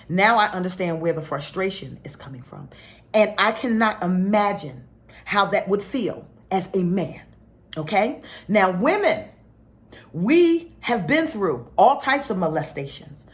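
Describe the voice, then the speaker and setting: A middle-aged woman telling a personal story to her spiritual followers, dropping to a near whisper at heavy moments. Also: lowish voice. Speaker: spiritual teacher.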